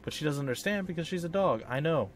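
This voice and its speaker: A man's voice: fairly high pitch, animated, fast, a little hiss or hum. Chatty rambling man playing a game. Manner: chatty, rambling, self-mocking. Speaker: let's play host. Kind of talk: casual gameplay commentary.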